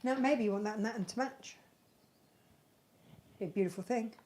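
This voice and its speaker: A woman's voice: a little high, normal speed, dark tone. A woman hosting a live crafting channel, chatting casually and rambling fondly about handmade bags she is selling. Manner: chatty, rambling, fond of her makes. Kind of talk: casual live-stream product chat.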